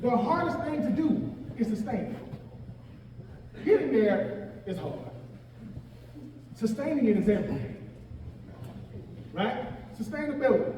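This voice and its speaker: A man in his forties gives an animated motivational talk to young athletes, joking and calling out to the crowd. His voice sits very high for a man. It rings through a big echoey hall, heard from well off the mic over clear room noise. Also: normal speed, pauses often, dull audio. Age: 40s. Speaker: guest speaker. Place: large event hall. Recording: echoey hall, voice picked up from far off.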